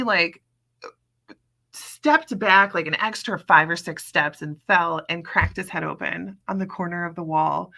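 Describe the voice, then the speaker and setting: Bright-voiced chatty woman host. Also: lowish voice, gravelly. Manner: chatty, storytelling, many fillers. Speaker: podcast host. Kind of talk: casual livestream chat.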